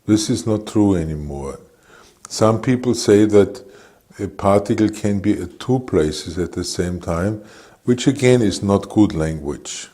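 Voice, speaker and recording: A man answering interview questions about physics in a halting, careful way, with frequent pauses and fillers. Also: fairly low pitch, expressive, dark tone.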